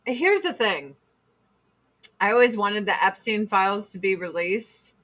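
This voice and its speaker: A woman's voice: mid-range voice, expressive, a little slow, a bit bright. A woman in her forties hosting a casual livestream, ranting bluntly with profanity and mocking put-on quotes. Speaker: livestream host.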